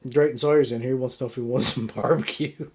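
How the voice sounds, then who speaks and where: A man co-hosting a casual horror movie talk show, relaxed and opinionated, swearing casually as he weighs the list. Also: medium pitch, fast talker, husky. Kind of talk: casual chat reviewing a ranked list.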